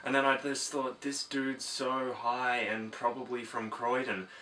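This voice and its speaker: A self-absorbed young man rambles on in a low, muttered voice, as a young man acts him out. His tone is bright and the voice sits a little away from the microphone. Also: level tone, unhurried, reverberant, a little hiss or hum. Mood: rambling. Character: rambling, oblivious young man stuck in a one-sided chat. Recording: distant from the mic.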